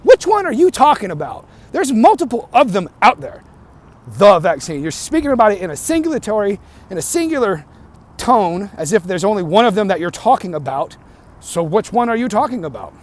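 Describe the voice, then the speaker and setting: Heated, high-voiced man ranting. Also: very animated, fairly quick. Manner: heated, profane, repeats and restarts himself. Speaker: vlogger. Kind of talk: angry rant to camera.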